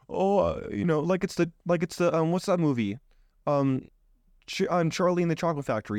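Speaking into his own microphone on camera, this podcast host rolls out a forceful motivational monologue full of rhetorical questions. His voice sits on the high side, smooth and somewhat dark, with clean studio sound and no room sound.

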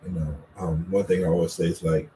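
Man, very deep voice, husband in a casual couple's chat, earnest with playful teasing, faint ambience. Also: steady tone, fast, mellow, a little hiss or hum, poor audio. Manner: earnest, plays the quotes of both spouses in a raised voice. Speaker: co-host, husband.

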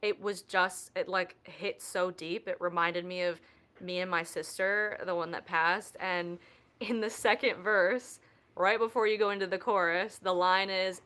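A woman's voice: on the low side, steady tone, unhurried, fairly bright tone. A woman in a band, chatting casually as a podcast guest and swearing freely.

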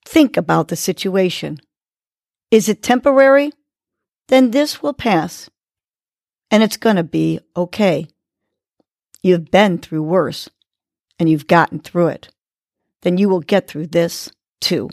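A woman hosting a podcast, leading a breathing exercise and giving gentle, encouraging motivational words. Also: lowish voice, creaky, no room sound. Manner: gentle, encouraging, slow and deliberate. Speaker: podcast host. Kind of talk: guided breathing and motivational talk.

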